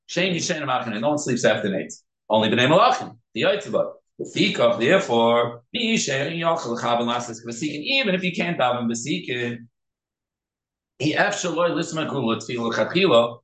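A man's voice: mid-range voice, fairly bright tone. A man giving a Talmud class, explaining texts and mixing in Hebrew terms. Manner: explanatory, switching between English and Hebrew terms. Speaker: Torah teacher. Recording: echoey room.

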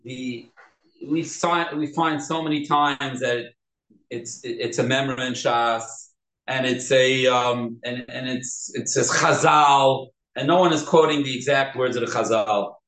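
A man teaching a Talmud class, animated and quick, with many restarts. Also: mid-range voice. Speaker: Torah teacher. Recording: echoey room.

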